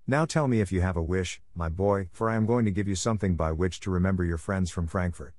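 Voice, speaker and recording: A man voicing a kind, gentle elderly grandmother who talks to a child with mild, patient earnestness. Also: low voice, quick pace, no room sound, studio quality, close to an everyday voice. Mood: kindly. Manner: gentle, kindly lecturing. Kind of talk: audiobook character voice.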